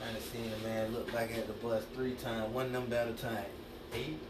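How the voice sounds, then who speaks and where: A man's voice: mid-range voice, fairly quick. A man trading profane, laughing stories with coworkers about work at a bus depot. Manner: animated, profane, laughing storyteller. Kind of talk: casual banter among coworkers. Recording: echoey room, distant mic, background noise.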